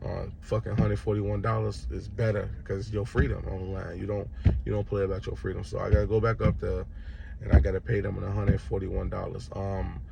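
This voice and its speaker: A man's voice: fairly low pitch, creaky, background noise. A young man from Chicago casually telling a story to his viewers, acting out the people in it. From Chicago, Illinois. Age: young adult. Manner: animated retelling, acts out other voices. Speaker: vlogger.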